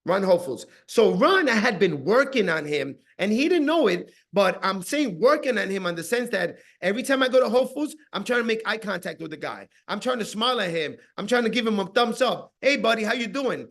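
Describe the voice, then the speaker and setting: A man coaching his sales team on a video call, animated and acting out his phone calls, tagging "right?" onto his points. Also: high voice, a little fast, few pauses. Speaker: team leader giving sales training.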